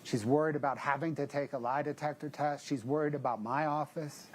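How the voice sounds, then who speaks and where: A man's voice: a little high, fairly even intonation, a little hiss or hum. Methodical male prosecutor in court. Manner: measured, methodical, emphatic. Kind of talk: courtroom closing argument.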